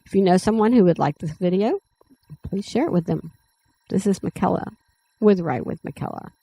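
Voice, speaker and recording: A middle-aged woman hosting a writing channel reads her story draft in a plain, unhurried manner, correcting herself here and there, then speaks to her viewers. Her medium-pitched voice is husky and dark with lively intonation, and the audio is poor.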